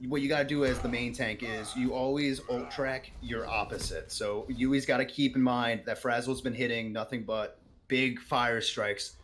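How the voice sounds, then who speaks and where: A man's voice: medium pitch, a bit bright, slight background noise. A man giving live esports color commentary and explaining team tactics like a coach. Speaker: esports analyst caster.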